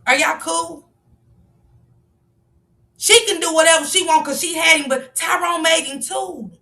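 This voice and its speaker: A woman's voice: very high voice, unhurried, sharp tone, far from the mic. A woman giving passionate live-stream commentary, firing off rhetorical questions and sometimes raising her voice. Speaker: livestream commentator.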